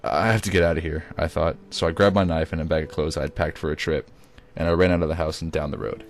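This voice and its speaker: A man reading his own first-person story aloud, with occasional stumbles and self-corrections. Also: sits low. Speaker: reader.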